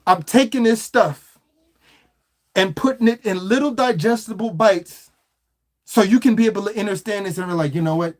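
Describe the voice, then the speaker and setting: A man's voice: high-pitched, normal speed, long pauses. A man hosting a livestream, ranting animatedly and mockingly with slang, repeated phrases and stuttered restarts. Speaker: livestream host. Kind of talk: livestream rant.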